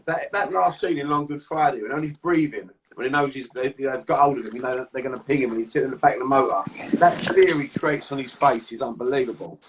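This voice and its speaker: A man's voice: mid-range voice, fast talker, hardly any pauses, distant mic, poor audio. Male host, eager interviewer, heard off-mic with faint background noise. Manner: eager, chiming in with short agreements. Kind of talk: casual interview chat.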